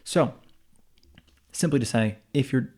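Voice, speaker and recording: During a casual podcast chat, a male co-host tells a long, rambling story packed with restarts and asides. His husky voice is medium-pitched with a darkish tone, and he speaks slowly.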